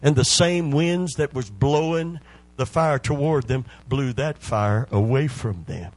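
A man preaching a sermon, telling a story slowly and building to loud, fervent shouts of praise. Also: medium pitch. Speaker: pastor.

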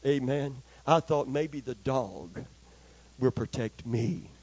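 A man's voice: mid-range voice, lively intonation, slow pace, warm tone. An older male preacher telling a homespun story in his sermon and calling for amens from the congregation. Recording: slightly dull, dry recording.

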